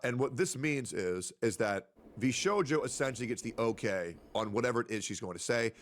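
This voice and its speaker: A man's voice: medium pitch, lively intonation, brisk, slight background noise. A man giving an emphatic, lecturing commentary and repeating his points for stress. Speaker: streamer commentator. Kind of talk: monologue commentary.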